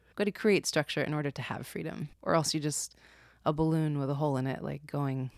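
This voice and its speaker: A woman with a notably low voice talks through her thoughts as a podcast guest, pregnant and reflective, often searching for the right words. The sound is dry and close, with no room around it. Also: steady tone, fairly quick, no room sound. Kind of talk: casual chat.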